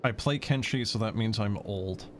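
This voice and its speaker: A man's voice: fairly low pitch, moderate pace, a little hiss or hum. A man streaming a game in casual chat, sarcastic and swearing as he answers chat.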